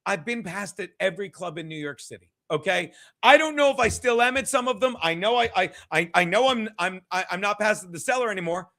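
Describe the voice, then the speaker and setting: A man's voice: high voice, a little fast, gravelly, bright, forceful tone. A stand-up comedian, a man, giving a rambling, profane, combative rant as stream commentary.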